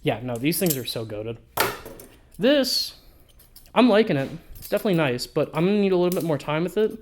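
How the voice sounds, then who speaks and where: A man's voice: fairly high pitch, big pitch swings, brisk, noisy background. A man talking through a product review in a casual vlog, rambling and offhand, with frequent swearing. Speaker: balisong reviewer.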